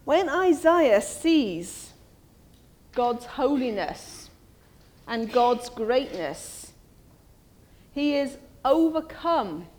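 A woman delivers a sermon in a friendly, conversational manner. Her voice sits high and she speaks at a measured, unhurried pace. She often turns her points into rhetorical tag questions. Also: darkish tone. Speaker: preacher.

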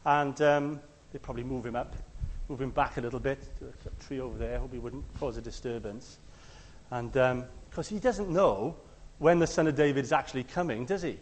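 A man preaches in a relaxed, conversational way, as if telling a story to friends. He acts out what the people in his story say and sometimes shouts their lines out loudly. There is faint noise in the background at a middle pitch. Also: a little fast, long reverb tail. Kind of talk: sermon.

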